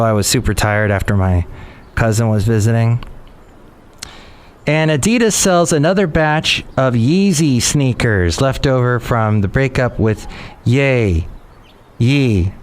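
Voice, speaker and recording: A man's voice: mid-range voice, smooth. A man hosting a podcast in a rambling, jokey, digressive monologue. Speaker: podcast host. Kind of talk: casual chat monologue.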